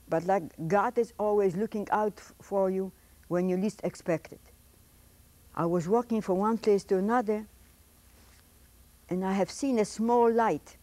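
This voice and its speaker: An older woman with a recounts her past in an interview, in broken but fluent English. Her voice is soft and mellow. It is recorded close and dry, with no room sound. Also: medium pitch, dry recording. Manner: emotional storytelling, reenacts her own pleas; non-native English grammar. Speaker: interviewee, Holocaust survivor. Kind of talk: oral history testimony. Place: indoors, interview setting.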